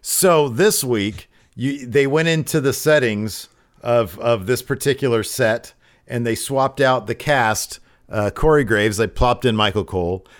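A man's voice: medium pitch, a little slow, no room sound, studio quality. A man co-hosting a podcast, telling stories with energy and acting out the lines of the people he quotes. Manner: animated storytelling, mimics people he quotes. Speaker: podcast co-host. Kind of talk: casual recap chat.

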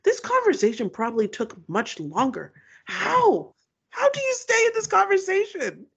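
A woman's voice: extremely high pitch, huge pitch swings, normal speed, gravelly, a bit bright. A woman co-hosting a podcast in casual chat, talking in an exasperated way and searching for words. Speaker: podcast co-host.

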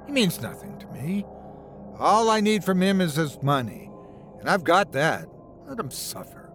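Guy voicing a nasty rich dude, snarly and defiant, slightly high voice. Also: big pitch swings, normal speed, a bit bright, soft background music. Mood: scornful. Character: rich, cruel, arrogant middle-aged man.

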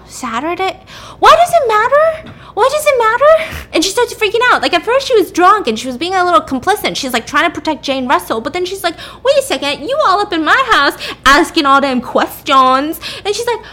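A woman voicing a jittery, drunk, paranoid woman who repeats herself and jumps into a high, frantic voice. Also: expressive, fast talker, few pauses, bright, forceful tone, heavily acted. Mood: shrill panic.

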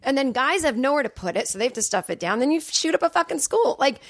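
Woman, comedian, casual podcast chat, swears freely, fillers everywhere, fairly high voice, dry close sound. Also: animated, fast talker, dry recording. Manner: chatty, profane, heavy on "like". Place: home podcast room.

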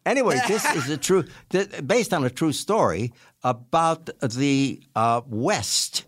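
A man's voice: mid-range voice, slow pace, no room sound, clean studio sound. A man in his eighties, a character actor telling showbiz anecdotes in an interview, acting out the voices as he goes. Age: 80s. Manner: animated storyteller who acts out voices and laughs often.

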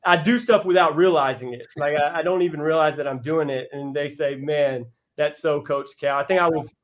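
A man's voice: on the high side, low-quality recording. A man who is a college basketball coach, guesting on a podcast and telling earnest, heartfelt stories with frequent restarts. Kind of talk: casual interview storytelling.

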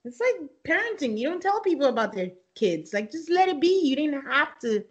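A woman's voice: sits high, sing-song, moderate pace, lo-fi sound. A woman co-hosting a podcast in casual chat, giving frank opinions and laughing easily. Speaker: podcast co-host.

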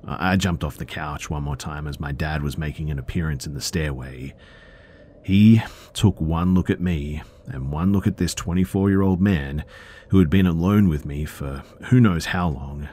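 A man calmly narrating true scary stories in a low-key, subdued way. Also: breathy edge. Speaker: storyteller.

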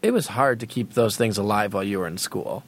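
A man co-hosting a podcast in casual chat, teasing in a dry, deadpan way. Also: on the low side, a little fast, husky. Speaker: podcast co-host.

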